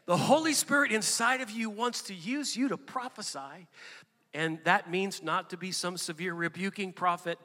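A pastor preaches an animated sermon that keeps rising to emphatic peaks, his bright, forceful voice sitting a little high for a man. Every phrase trails off in long reverb, as though he's speaking in a large church.

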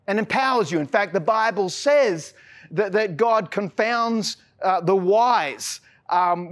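An Australian man preaching a sermon as a pastor, earnest and casual, often repeating words as he starts a phrase. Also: high voice. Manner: mixes in casual slang.

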